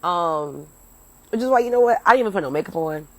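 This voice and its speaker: Speaking at a quick pace with a fairly low, expressive voice, a young American comedian livestreams a rambling story from home, partly outdoors, her phone held at arm's length. She curses freely and chats with viewers. No echo, though the audio is poor.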